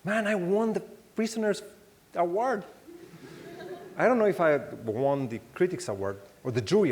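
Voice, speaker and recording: A man with a Mexican accent giving a keynote talk, telling anecdotes in a halting way with many restarts and acting out the voices he quotes. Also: fairly high pitch. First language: Spanish. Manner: animated storytelling, acts out quoted voices. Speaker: keynote speaker. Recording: long hall reverb.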